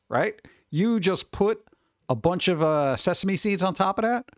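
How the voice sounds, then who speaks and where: A man's voice: on the high side, dry recording. A man chatting casually on a live stream, rambling, swearing freely and often laughing.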